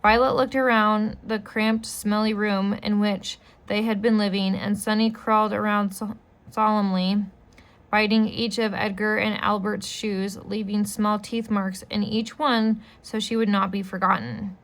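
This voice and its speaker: Lady reading a chapter book out loud, pretty flat tone, steady. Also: medium pitch, measured pace. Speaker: storyteller. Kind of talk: reading a children's novel aloud.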